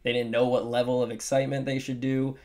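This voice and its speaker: A man's voice: mid-range voice, fast. Opinionated young man ranking jerseys. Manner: animated, opinionated, emphatic swings. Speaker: sports commentator. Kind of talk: casual opinion commentary.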